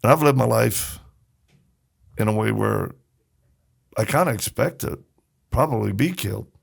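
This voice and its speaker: Lowish and creaky, this middle-aged man's voice moves at a moderate pace. As a guest on a casual podcast interview, he tells stories with animation, performing the quoted lines in the voices of the characters.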